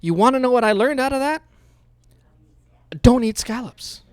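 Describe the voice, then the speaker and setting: A man pastor preaching a sermon in a conversational, storytelling way, swinging between hushed asides and loud outbursts. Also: extremely high pitch, moderate pace, smooth, dry recording, studio quality.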